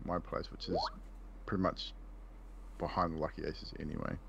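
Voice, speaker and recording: A man describes his character's moves in a tabletop game, laughing now and then. His voice is low and gravelly, with faint noise behind it. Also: flat delivery, moderate pace, lo-fi sound. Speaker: player. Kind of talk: casual tabletop play.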